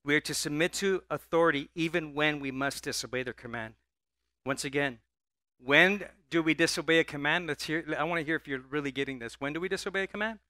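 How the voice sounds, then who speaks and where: Male pastor, animated sermon, bright slightly high voice, dry close recording. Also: quick pace, no echo. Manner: animated preaching, prompts the congregation to answer; stammers and repeats words. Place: church sanctuary.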